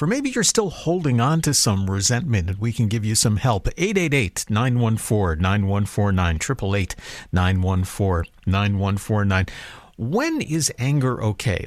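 A man's voice: lowish voice, no room sound. A man hosting a Catholic radio call-in show, introducing a guest and reading out the phone number. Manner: lively, repeats phone number in sing-song. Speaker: radio host.

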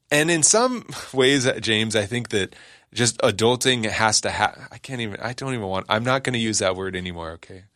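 A man hosting a talk radio show in a relaxed, rambling way. He keeps breaking into stifled laughter and restarting his sentences. His voice is on the low side and recorded close and dry. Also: moderate pace, dry recording. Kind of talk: casual on-air talk.

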